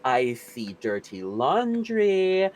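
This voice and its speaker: A streamer guest in a casual chat, telling stories in an animated, campy way. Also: male voice, mid-range voice, very slow.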